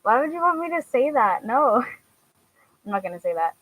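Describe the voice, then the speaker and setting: A woman's voice: a little high, sing-song, normal speed, fairly bright tone, dry recording, low-quality recording. A young woman from Washington chatting casually to her viewers, hesitant with frequent fillers and laughs. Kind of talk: casual chat answering viewers.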